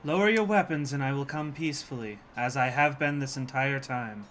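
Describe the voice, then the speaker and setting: A calm, courteous woman adventurer speaks in measured, slightly halting sentences, keeping the peace, as a player puts her on in his own bright voice. The delivery stays low-key and even. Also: a little hiss or hum, close to an everyday voice.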